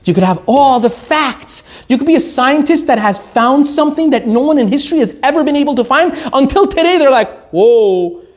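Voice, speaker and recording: Lively, joking man teaching Torah. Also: very high-pitched, a little fast, hardly any pauses. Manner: lively, joking, laughs often, mixes in Hebrew terms. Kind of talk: animated Torah lesson with storytelling.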